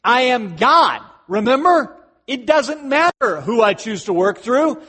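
A preacher voicing God: booming, exasperated male deity, high and loud, scolding. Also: very animated, a little slow, breathy edge, exaggerated voice.

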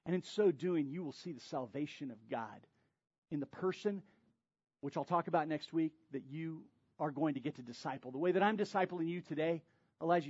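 A high-pitched man delivering a sermon as a pastor, swinging from loud, emphatic preaching to quiet, confiding asides. The recording is dry and a little dull, like a feed from a church sound system. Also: a little fast, husky, no room sound. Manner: drops to soft confiding asides.

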